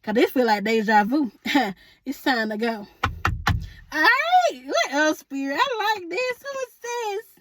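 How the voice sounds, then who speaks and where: Sassy high-voiced woman tarot reader. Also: big pitch swings, measured pace, slight background noise. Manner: sassy, chatty, calls viewers honey and boo; laughs often, asks spirit aloud. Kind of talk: casual tarot reading to viewers.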